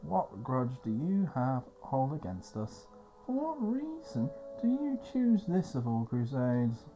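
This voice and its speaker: A man voicing an earnest male guildmaster, reading his formal lines with measured gravity. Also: medium pitch, huge pitch swings, muffled recording, over music, full character voice. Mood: grave.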